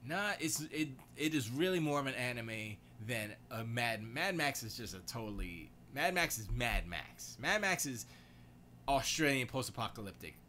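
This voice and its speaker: Bright-voiced rambling man. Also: mid-range voice, sing-song, normal speed, slight background noise. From United States. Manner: rambling, reads chat aloud, self-correcting. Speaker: livestream host. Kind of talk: casual livestream chat.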